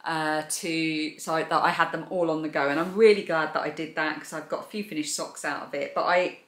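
A woman's voice: low-pitched, fairly even intonation, brisk, fairly bright tone. A woman hosting a knitting and crochet vlog, chatting enthusiastically about her projects. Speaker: crochet and knitting channel host. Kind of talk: casual show-and-tell vlog. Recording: echoey room.

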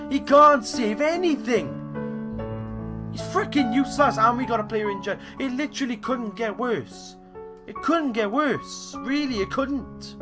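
A young man doing gameplay commentary, swearing constantly and swinging between frustrated shouts and low muttering. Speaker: gaming YouTuber.

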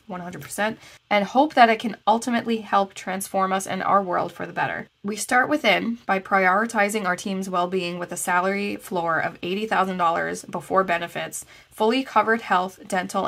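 A woman with a blocked, stuffy nose talks in a chatty, easygoing way and often restarts her phrases. Her voice has a gravelly rasp. She reads passages aloud in the same relaxed tone. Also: medium pitch, brisk. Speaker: planner review vlogger. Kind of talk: casual review with read-aloud passages.

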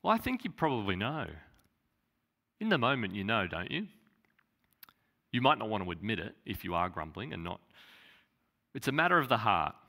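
Male pastor. Bright tone, animated pitch, earnest sermon delivery. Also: normal speed, pauses often. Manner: earnest preaching, repeats phrases for emphasis.

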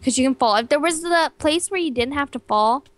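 A young woman with a high voice trades casual banter while playing a game with a partner. She grumbles and sulks, teasing back flatly. The sound is close and dry. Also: a little fast, no room sound. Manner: sulky, grumbling. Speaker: co-op player.

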